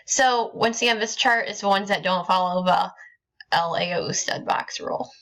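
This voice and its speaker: Lady teacher walking thru a grammar lesson, bright clear voice, lots of ums. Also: mid-range voice, normal speed. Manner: explains step by step, many ums and restarts. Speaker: Spanish teacher. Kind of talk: recorded classroom lesson.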